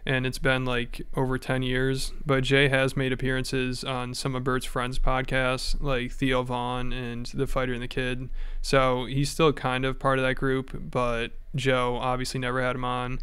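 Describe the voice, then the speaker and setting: A man narrating a commentary video in an even, matter-of-fact way. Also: mid-range voice, moderate pace, hardly any pauses, smooth.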